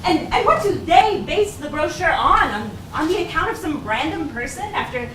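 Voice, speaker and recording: A woman's voice: very high voice, expressive, distant mic. A woman playing a fiery, argumentative actress. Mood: indignant. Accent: non-native English accent. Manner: sharp, indignant, rapid-fire arguing. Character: fiery young woman actor, sharp and argumentative. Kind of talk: stage play reading. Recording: roomy stage, picked up from afar, noisy.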